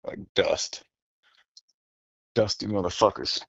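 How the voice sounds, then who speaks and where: A man's voice: sits low, slow pace, gravelly, slightly rough, no echo, muffled recording. A man co-hosting a comedy podcast in a casual, crude, joking chat. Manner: crude, joking, lively impressions. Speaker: podcast co-host.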